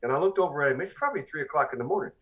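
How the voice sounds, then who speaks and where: A man with a fairly high voice, telling a funny story on a casual podcast. He swings into acted-out voices and laughs along as he talks. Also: racing, phone-quality sound. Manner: animated storyteller, acts out voices, laughs often. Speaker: podcast co-host.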